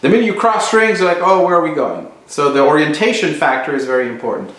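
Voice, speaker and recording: A man's voice: on the high side, very animated, quick pace, a bit bright. Man teaching guitar in a very echoey room. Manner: thoughtful, searching for words, many restarts. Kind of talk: instructional explanation.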